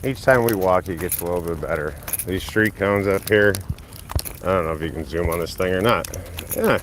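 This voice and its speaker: A man with a low voice talks loosely and swears freely as he walks his big dog down a street. He records on a handheld phone, with faint outdoor noise behind him. His muttered asides stay low, and he jumps high into bright praise whenever the dog behaves. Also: a little fast. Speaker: dog owner streaming a live walk. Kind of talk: casual live-stream commentary while walking a dog. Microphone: phone held while walking.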